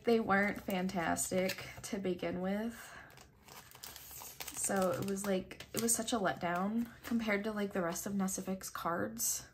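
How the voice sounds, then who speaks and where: A young woman with a nasal voice, chatting casually while unboxing her mail, excitable, gushing and swearing freely. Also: mid-range voice, a little hiss or hum. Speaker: kpop photocard collector vlogger.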